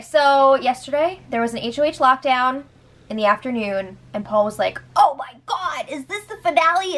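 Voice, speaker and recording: A young woman hosting a casual recap show, animated and giggly, with sarcastic asides. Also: a little high. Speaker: show update host.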